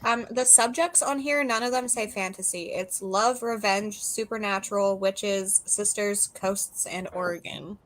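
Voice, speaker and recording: A woman with a bright, clear tone talks easily on a group video call. She chats in an easygoing way and sometimes reads details out loud. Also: medium pitch, unhurried, hardly any pauses. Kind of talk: casual chat on a reading livestream.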